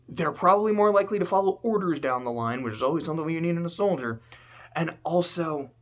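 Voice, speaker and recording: A man talking casually about a story, animated and swearing, swinging between loud outbursts and low muttering. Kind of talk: casual spoken commentary.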